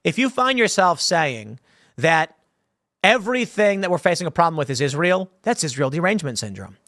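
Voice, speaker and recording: A man's voice: a little high, very animated, normal speed, fairly bright tone, dry recording, studio quality. A man hosting a casual commentary show, answering viewer questions in a rambling, conversational way and acting out quotes. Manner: rambling, conversational, with many restarts and acted-out quotes. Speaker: host.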